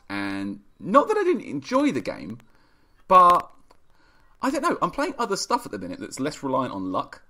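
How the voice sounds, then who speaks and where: A man's voice: mid-range voice, a bit bright. A man chatting casually as a podcast guest, rambling and self-deprecating with a joking tone. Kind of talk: casual chat.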